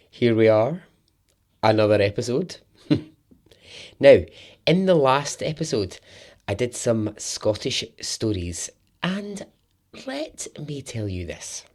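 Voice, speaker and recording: A man's voice: medium pitch, a little mellow. A man hosting a storytelling podcast, chatty and jokey with sarcastic asides.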